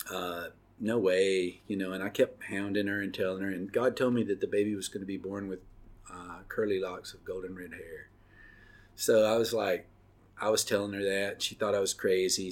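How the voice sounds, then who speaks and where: A middle-aged man hosting a podcast and telling his personal testimony, earnest and halting, with many pauses and fillers. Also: deep voice. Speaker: podcast host.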